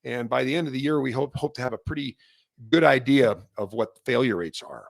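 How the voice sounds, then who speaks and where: Canadian man, host, gravelly, dry close sound, rambling with fillers, gets animated. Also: mid-range voice, fairly quick, no echo. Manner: rambling, many restarts and fillers; gets animated and louder when fired up. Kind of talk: casual solo update.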